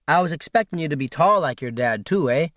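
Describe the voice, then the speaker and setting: A man's voice: fairly high pitch, animated, fairly quick, fairly bright tone, no echo, clean studio sound. A man voicing a cheerful young bush pilot in his twenties, friendly and boastful, in an audiobook. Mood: friendly teasing. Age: 20s.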